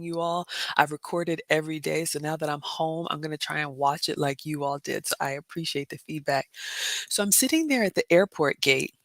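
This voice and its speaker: A middle-aged woman from the American South with a Southern accent, telling a story to her vlog viewers in a chatty, animated way. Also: sits low, dry recording. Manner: chatty and animated, addresses viewers as "y'all", laughs often. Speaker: vlogger.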